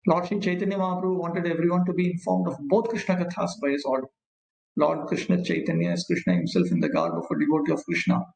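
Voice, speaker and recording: A man teaching a scripture class, reading verses, chanting Sanskrit slowly, and explaining with many pauses and fillers. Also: a little high, creaky, a little mellow. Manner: frequent fillers and pauses, repeats points. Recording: echoey room.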